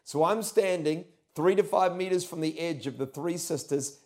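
A young man preaching a sermon, telling stories loudly and with energy. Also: a little high, moderate pace. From New Zealand. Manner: loud, animated storytelling with sudden shouts. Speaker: pastor.

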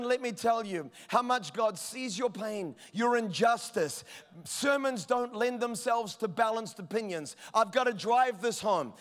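A man preaching a sermon as pastor, driving points home with emphasis and rising to shouts. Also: extremely high pitch. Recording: long reverb of a large hall.

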